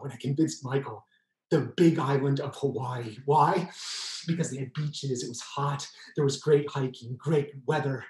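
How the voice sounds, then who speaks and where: A man telling a comic solo story, exuberant and pulling the audience in, with sudden high yelps. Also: darkish tone, echoey room, poor audio. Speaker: solo performer.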